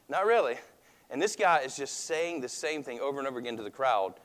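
A man preaching a sermon as pastor, animated and acting out little voices as he talks. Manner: animated, acts out voices with big pitch jumps. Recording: long hall reverb.

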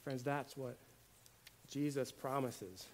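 A man preaching a sermon, swinging between hushed, quiet lines and loud, emphatic ones, often repeating words for emphasis. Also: medium pitch, slow, slight background noise.

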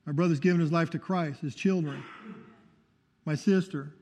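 Fervent high-voiced man preaching in a reverberant hall. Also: fairly even intonation, normal speed, darkish tone. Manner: fervent, calls out for amens. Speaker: testimony speaker. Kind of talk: preaching testimony.

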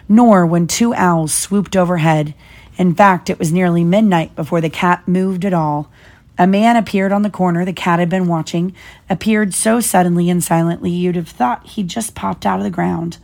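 Mellow-voiced mom reading a storybook aloud. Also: female voice, fairly low pitch, creaky. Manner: gentle, pauses to explain to her child. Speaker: mother reading to her child.

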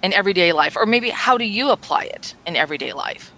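A woman host asking a question in a halting, searching way. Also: medium pitch, animated, sharp tone, muffled recording. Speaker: podcast host. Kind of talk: interview questions.

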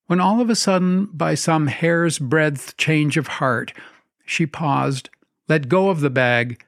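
A man reading a story aloud in a wry, measured storytelling manner. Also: on the high side, dry recording, clean studio sound. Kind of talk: scripted narration.

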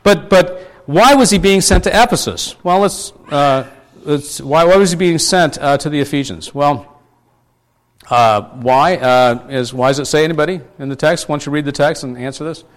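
A man's voice: fairly high pitch, moderate pace. A man preaching a conversational sermon, asking his congregation questions and restarting his sentences often. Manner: chatty, asks the congregation questions; many fillers and restarts. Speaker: pastor.

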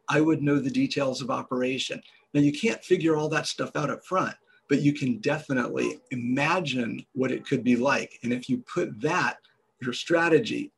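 Male guest, gravelly and husky, measured storyteller. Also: mid-range voice. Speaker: guest entrepreneur. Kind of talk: storytelling business interview.

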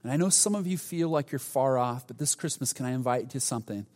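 A man preaching a sermon as a pastor, earnest, often restarting his phrases and dropping softly in volume. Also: mid-range voice, fast talker. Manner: earnest, with frequent restarts and soft drops in volume. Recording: reverberant hall.

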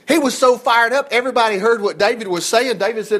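A man's voice: very high-pitched, fast, hardly any pauses, a bit bright. A man giving a casual Bible study, folksy and digressive, who slips into little acted asides.

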